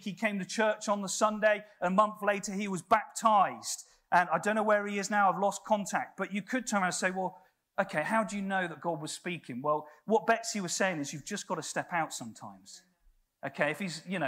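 A man's voice: sits high, a bit bright. A man preaching a sermon in a church, telling stories in a conversational way with frequent restarts.

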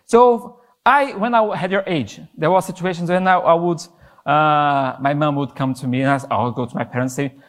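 Impassioned high-voiced male youth preacher. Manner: impassioned, rises and falls in pitch for emphasis. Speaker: youth pastor. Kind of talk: sermon.

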